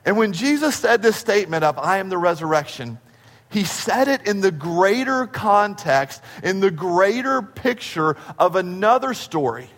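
Pastor, male, high voice, storytelling sermon delivery, long church reverb. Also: expressive, unhurried, hardly any pauses. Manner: storytelling, acts out dialogue with shifts in pace and loudness.

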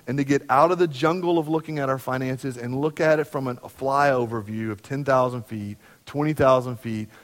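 A man preaching a sermon as pastor, talking conversationally and acting out everyday dialogue. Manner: conversational, acts out everyday dialogue with lively jumps in pitch. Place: church sanctuary. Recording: long hall reverb from the sanctuary.

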